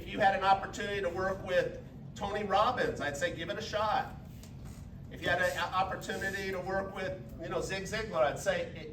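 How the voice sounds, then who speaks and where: A high-voiced man in his fifties gives a folksy, energetic motivational talk. He is heard from far off in an echoey meeting room. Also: slight background noise. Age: 50s. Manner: energetic, folksy, leads audience call-and-response. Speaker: business speaker.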